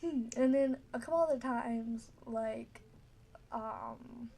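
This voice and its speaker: A woman's voice: on the high side, slow, creaky, dark tone. A teenage girl telling a story casually, rambling with many fillers and frequent giggles.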